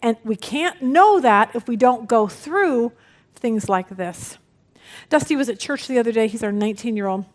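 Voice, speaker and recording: A woman in her forties teaching a women's Bible study, telling stories with lively energy and acting out the people in them. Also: on the high side, normal speed. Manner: lively storytelling, acts out quoted people.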